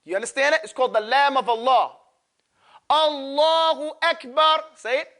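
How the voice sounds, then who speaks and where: A male teacher leads a live Quran recitation class. His voice sits very high and sounds bright and forceful. He drills students with short repeated phrases, slows way down to model each word, and slips in loose, joking asides. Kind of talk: classroom tajweed lesson.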